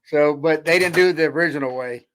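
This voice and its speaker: A man's voice: fairly high pitch, quick pace, a bit bright. A man co-hosting a casual podcast chat, mostly giving short, laid-back reactions and asides. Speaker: podcast co-host.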